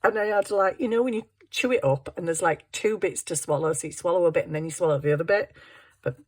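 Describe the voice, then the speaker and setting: Husky woman chatting while crafting. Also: lowish voice, quick pace, a little mellow. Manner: rambling, self-mocking, laughs often. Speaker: papercraft vlogger. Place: home craft desk.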